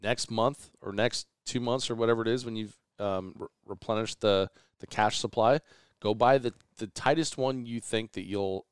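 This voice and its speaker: Laid-back guy chatting on a podcast, lowish smooth voice, stops and restarts a lot, dry close mic. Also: dry recording. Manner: easygoing, halting, rambling with restarts. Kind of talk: casual chat.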